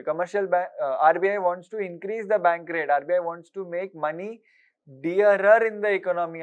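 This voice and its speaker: A man giving an exam-prep lecture, briskly quizzing listeners with repeated rhetorical questions and mixing with Hindi. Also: high voice, clear, resonant tone. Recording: dull lo-fi recording.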